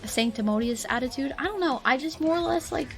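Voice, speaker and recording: Young woman streamer with a slightly high voice; reflective, rambling chat peppered with fillers. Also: lively intonation, fast, gravelly, faint music behind. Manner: rambling and reflective, heavy on "like" and "I don't know". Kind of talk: casual chat reading viewer comments.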